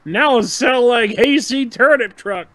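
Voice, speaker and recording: Man voicing a jilted redneck pony: shrill, twangy, cartoon-style rant. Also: measured pace, a bit bright, dry recording. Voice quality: exaggerated redneck drawl.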